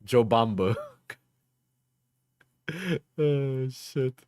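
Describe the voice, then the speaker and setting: A man's voice: medium pitch, extremely slow, a little mellow, smooth, no echo, studio quality. A man streaming live and reacting to online drama, joking and laughing often as he talks to his chat. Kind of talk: casual livestream reaction commentary.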